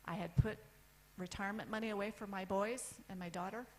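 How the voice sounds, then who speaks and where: A woman in her fifties from the United States telling a personal story on stage, candid, with lists and pauses for effect. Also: medium pitch, steady tone, a little hiss or hum, rough recording. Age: 50s. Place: event stage.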